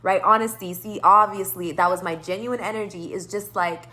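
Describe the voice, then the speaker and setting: A woman's voice: mid-range voice, steady tone, normal speed, bright, forceful tone. A woman hosting her tarot channel, telling a rambling storytime monologue with lots of swearing, laughter and asides.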